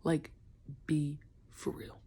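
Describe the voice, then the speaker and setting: A young woman who coaches basketball, talking casually and with slang in a vlog, often half-whispering. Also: slow. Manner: animated, slangy, acts out kids' voices.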